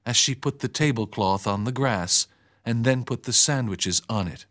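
Measured male audiobook narrator. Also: mid-range voice. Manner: even, measured storytelling. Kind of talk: scripted narration.

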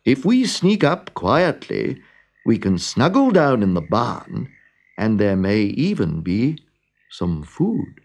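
A man's voice: medium pitch, big pitch swings, takes it slowly, a little mellow, exaggerated voice. A man voicing a friendly donkey who leads the group with a cheerful, coaxing manner.

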